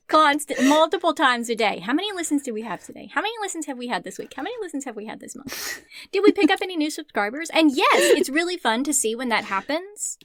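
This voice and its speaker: A woman's voice: sits high, sing-song, fast, no room sound. A woman co-hosting a casual book podcast, chatty and joking, laughing often and swearing now and then. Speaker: podcast co-host.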